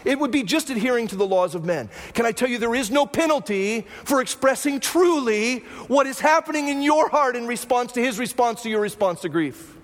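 A man's voice: very high-pitched, expressive, a little fast, few pauses, big-room sound. A male pastor preaching a sermon, repeating phrases and tossing in "right?" asides.

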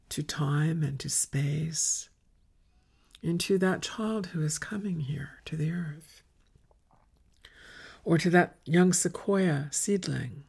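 Woman, retreat teacher, meditative spiritual talk, husky, half-whispered, slow and incantatory. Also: low voice. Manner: soft, often dropping to a whisper, incantatory lists.

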